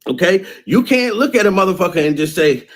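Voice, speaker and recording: A man ranting in a loud, mocking way, often laughing between phrases. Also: high voice, lively intonation, brisk. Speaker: vlogger. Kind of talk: profane rant.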